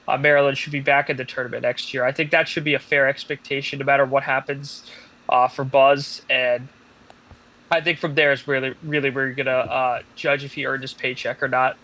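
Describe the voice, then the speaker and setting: Male podcast co-host, mid-pitched, casual opinionated sports talk, halting delivery. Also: level tone, bright, forceful tone. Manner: hesitant, lots of uh fillers, opinionated. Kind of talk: casual sports analysis chat.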